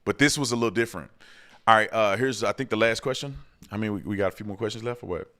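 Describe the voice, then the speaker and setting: A man hosting his own show answers viewer questions and rants heatedly in commentary, repeating himself and often restarting his sentences. His voice is on the low side, fast and fairly bright.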